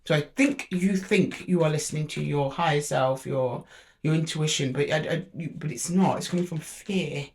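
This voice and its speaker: A woman with a low, darkish voice reads tarot to camera at a moderate pace, speaking directly to the sign. Hesitant, she thinks aloud while drawing cards and frequently starts her sentences over.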